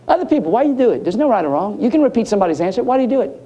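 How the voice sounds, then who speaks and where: A man's voice: high voice, sing-song, very fast, mellow. A man giving a conference talk, telling jokey stories and talking straight to the audience. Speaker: keynote speaker. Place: conference hall.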